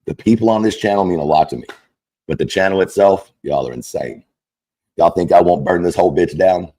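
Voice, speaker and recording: A man's voice: sits low, brisk, warm tone. A man delivering an angry, profane, mocking rant as a content creator. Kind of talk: angry ranting monologue.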